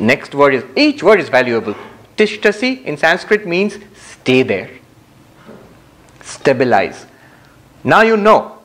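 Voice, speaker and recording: A man gives a spiritual lecture to a live audience, his voice sitting a little high for a man. He speaks calmly and reflectively, letting long pauses settle between phrases and slipping in gentle humor. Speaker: spiritual teacher. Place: community center hall with live audience.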